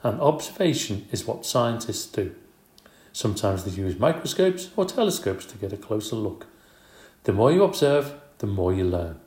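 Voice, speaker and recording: Guy doing an eager young teacher in a kids storybook, encouraging, lowish voice. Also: very animated, moderate pace, darkish tone, reverberant.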